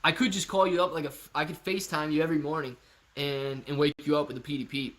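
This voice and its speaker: A man's voice: a little high, fast. Hyped-up streaming host, man with a raised voice. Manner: energetic and hyped, calls viewers man and dude. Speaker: livestream host answering chat. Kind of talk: casual live-stream chat.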